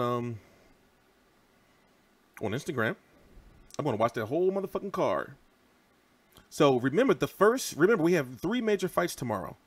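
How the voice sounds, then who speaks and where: A boxing livestream host in his thirties speaks in a mid-range voice with no echo. He answers viewers' comments with loose, profane, rambling and animated chatter.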